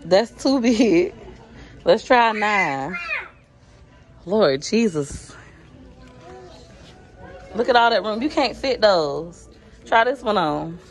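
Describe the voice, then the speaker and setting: A woman's voice: mid-range voice, animated, a little slow. A woman, chatting to viewers on a casual shopping vlog in a store, recorded on a handheld phone. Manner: chatty, addresses viewers directly. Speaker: vlogger.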